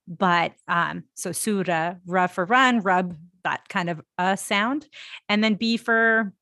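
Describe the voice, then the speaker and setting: A woman's voice: mid-range voice, slow, sharp tone, no room sound, studio quality. A woman from India, a guest on a podcast, explaining things candidly. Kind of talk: podcast interview.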